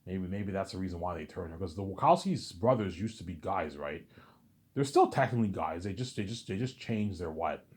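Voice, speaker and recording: Husky low-voiced man ranting. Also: expressive, fairly quick, a little mellow. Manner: repetitive, profane ranting. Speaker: vlogger. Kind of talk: casual ranting monologue.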